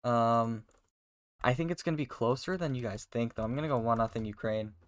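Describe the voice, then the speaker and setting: A man of middle pitch co-hosting a chat over an online call. He sounds relaxed and joking as he keeps the turns moving. It is casual conversation, not a scripted read. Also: brisk. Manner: laid-back, joking, runs the turn order. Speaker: co-host.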